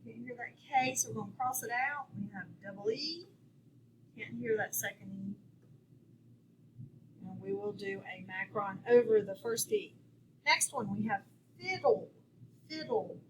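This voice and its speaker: A woman leading a phonics lesson with a slightly high voice and an unhurried, deliberate pace. She sounds out each word clearly and patiently, as if for young learners. A faint noise sits under the recording. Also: fairly bright tone, poor audio. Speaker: phonics teacher. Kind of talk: classroom lesson walkthrough.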